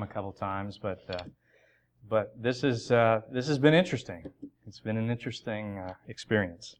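A man preaching a sermon as a guest speaker, talking conversationally with many fillers and restarts, and rising with enthusiasm at his main points. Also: mid-range voice.

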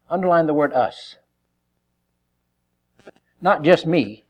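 Lively male preacher who acts out scripture and jokes, with a higher pitch and a swinging delivery. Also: takes it slowly, pauses often. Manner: lively, joking, acts out quotes. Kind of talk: sermon.

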